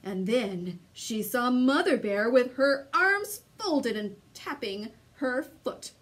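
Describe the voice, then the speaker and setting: A woman reading a children's story aloud in a slow, sing-song, expressive way, doing the voices. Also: on the high side. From Canada.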